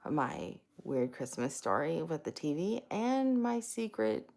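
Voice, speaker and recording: A woman's voice: sits low, big pitch swings, slow, gravelly, darkish tone. A woman hosting a casual live stream, chatty and self-mocking, greeting viewers by name.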